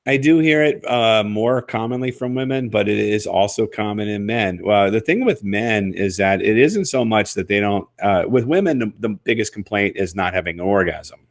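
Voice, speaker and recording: A man co-hosting a podcast, explaining at length with many fillers and restarts, his voice rough from sickness. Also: on the low side, normal speed, few pauses, dry recording, clean studio sound. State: sick, rough voice. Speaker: co-host. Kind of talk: casual podcast chat.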